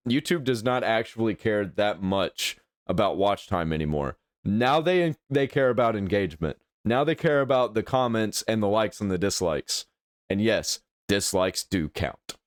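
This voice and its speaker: A man's voice: on the low side, no room sound. A man hosting a casual reaction commentary, blunt and profane, speaking into a close desk mic. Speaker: host reacting to videos.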